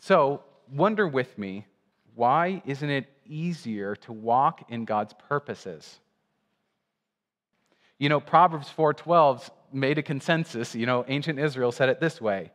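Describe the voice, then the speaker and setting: Man preaching slowly in a reverberant church. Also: mid-range voice. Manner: slow, reflective storytelling. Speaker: guest preacher. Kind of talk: sermon.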